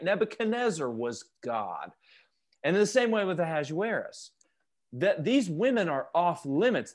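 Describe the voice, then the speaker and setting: A man's voice: fairly high pitch, darkish tone. A man leading a youth Bible study over a video call, questioning the group and joking as he teaches.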